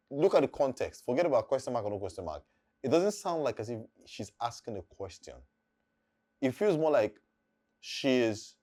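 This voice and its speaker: A man's voice: medium pitch, a little mellow. A man, an acting coach explaining how to deliver lines in a casual, emphatic teaching talk that repeats key points.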